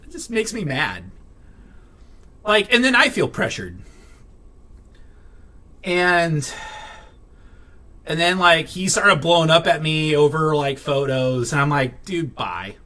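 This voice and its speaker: Bright-voiced man venting in a rambling vlog. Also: a little high, very animated, takes it slowly, pauses often. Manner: rambling, many fillers and restarts; irritated, blunt, swears. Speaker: vlogger. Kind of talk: casual venting to camera.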